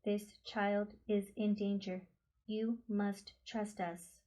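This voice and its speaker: A woman voicing a gentle, furry alien beast with tentacles, who speaks slowly, softly and calmly. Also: medium pitch, natural voice, low-quality recording. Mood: soothing, grave. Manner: slow, soft, calm and careful.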